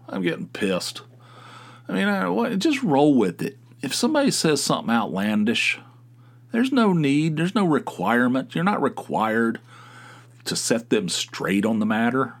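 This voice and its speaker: A man's voice: medium pitch, sing-song, a little slow. A middle-aged man hosting a podcast, talking in a rambling, profane casual monologue with many restarts. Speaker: podcast host.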